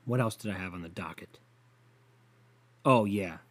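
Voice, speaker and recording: A man hosting a podcast, ranting casually and profanely, sighing often and swinging between loud outbursts and low muttering. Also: takes it slowly. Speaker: podcast host.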